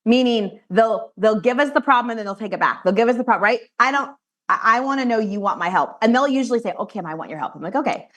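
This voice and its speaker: A woman's voice: fairly high pitch, quick pace. A woman and financial advisor teaching colleagues how she runs client meetings, talking directly and acting out what she says to clients. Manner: animated, direct, acts out client conversations. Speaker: financial advisor training peers. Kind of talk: training talk to colleagues.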